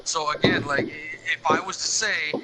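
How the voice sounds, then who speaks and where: A man with a slightly high voice holds forth in casual podcast talk, blunt and profane. He presses each point hard. Loud background noise runs under his voice throughout. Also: steady tone, normal speed. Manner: blunt, profane and emphatic, ranting. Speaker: podcast host.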